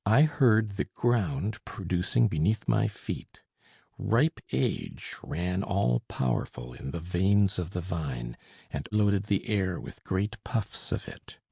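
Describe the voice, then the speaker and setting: A man reading a classic novel aloud as an audiobook narrator, measured and slowing down for emphasis. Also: low-pitched, lively intonation, gravelly, breathy edge, no room sound, clean studio sound. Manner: measured, slows for emphasis, lifts for quoted shouts. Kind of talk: scripted narration.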